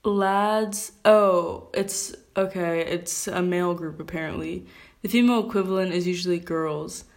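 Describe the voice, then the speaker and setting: This is a teenage girl hosting her own podcast, speaking in a fairly low, unhurried voice. Recorded on a phone, she chats and rants in a rambling way, often correcting herself mid-thought.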